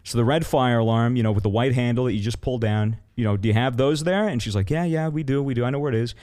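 A man's voice: medium pitch, quick pace, a little mellow. A man in casual podcast talk, telling a story with plenty of swearing and acting out the people he quotes. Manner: profane, acts out quoted voices.

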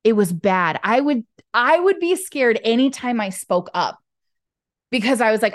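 A woman guest talking candidly in an interview over a video call, expressive and acting out the voices she quotes. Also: on the high side, measured pace, dry recording, clean studio sound. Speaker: podcast guest, intuitive business owner. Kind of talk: candid conversational interview talk.

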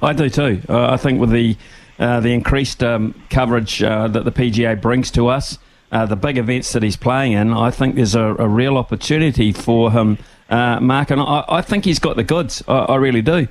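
A man's voice: mid-range voice, fairly even intonation, moderate pace. A man hosting sports radio in casual chat, hesitant and agreeable, with many fillers.

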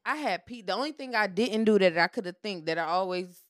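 A woman's voice: mid-range voice, animated, brisk, dry recording, studio quality. A young adult woman, a podcast guest, telling a personal story in blunt, profane, casual chat.

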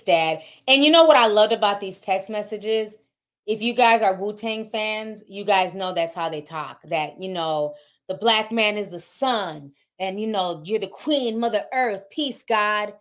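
A woman's voice: mid-range voice, fairly bright tone. Woman giving shocked gossip commentary. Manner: emphatic, shocked reactions between readings. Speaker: celebrity gossip vlogger. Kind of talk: casual commentary reading posts aloud.

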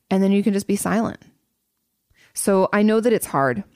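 Blunt, gravelly-voiced woman giving advice. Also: mid-range voice, fairly quick, darkish tone, no echo, clean studio sound. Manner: blunt and candid, swears freely. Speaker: therapist host answering audience questions. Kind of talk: casual advice talk.

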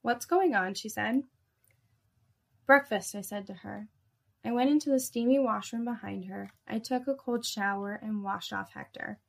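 Woman, erotic story narrator, hushed, intimate, vocal fry. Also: mid-range voice, normal speed. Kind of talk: first-person erotic story reading.

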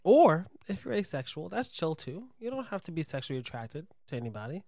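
A man hosting a podcast, playful and crude, cracking quick jokes in casual banter. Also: on the high side, sing-song, vocal fry, dark tone, no room sound, clean studio sound. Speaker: podcast host.

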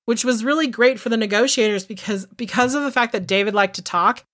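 A woman in her thirties co-hosting a podcast, recapping in casual chat and swearing freely as she gets animated. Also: fairly high pitch, a little fast, no echo, studio quality. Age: 30s. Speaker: podcast co-host.

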